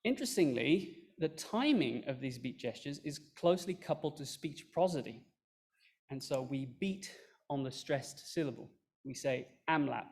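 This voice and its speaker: A man presenting research findings at a conference, explaining in a relaxed way with fillers and dry asides. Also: medium pitch, moderate pace, creaky. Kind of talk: recorded academic talk.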